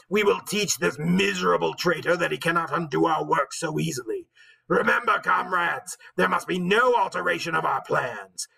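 A man's voice: a little high, gravelly, bright, forceful tone, husky, pitched above the performer's own voice, exaggerated voice, low-quality recording. A man voicing a domineering male pig leader who gives commanding, roaring speeches.

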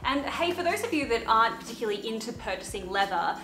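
A woman with an Australian accent chatting casually through a thrift haul vlog, bubbly and full of quick asides. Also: fairly high pitch, sing-song. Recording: echoey room, faint music behind.

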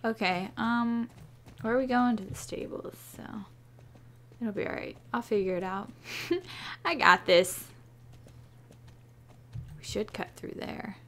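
A woman giving casual, chatty commentary while playing a horse-riding game, giggling and talking to herself, her voice a bit hoarse. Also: on the high side, slow pace, pauses often, fairly bright tone. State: slightly hoarse. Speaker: gaming YouTuber.

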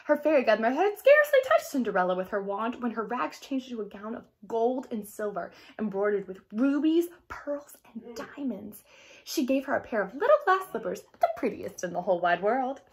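A woman reading a fairy tale aloud for children in an expressive storytelling voice. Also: a little high, moderate pace.

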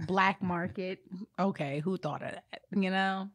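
A woman's voice: on the low side, measured pace, no room sound, clean studio sound. A woman co-hosting a podcast, joking and playful, laughing often in casual chat. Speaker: podcast co-host.

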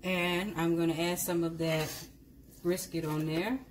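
A woman's voice: on the low side, level tone, a little slow, slight background noise. A woman giving a casual cooking demonstration in a chatty way, often correcting herself and speaking directly to her viewers. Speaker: cooking vlogger.

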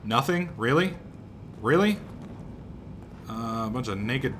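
A young man giving sarcastic, profane let's play commentary, swinging between muttering and excited shouting. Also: mid-range voice, a little slow, pauses often, noisy background. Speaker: gaming commentator.

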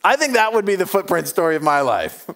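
A man's voice: high-pitched, very animated, fairly quick, a bit bright. A man preaching a sermon, telling stories with humor and acting out the voices of the people in them. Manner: humorous and self-deprecating. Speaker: pastor.

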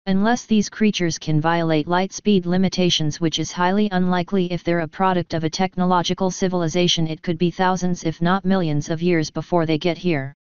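A woman's voice: fairly low pitch, fairly even intonation, fairly quick, few pauses, smooth, no echo, lightly acted. A woman voicing a proud, commanding female pony sorceress with haughty, formal speech, in a slightly dull, dry recording. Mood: imperious.

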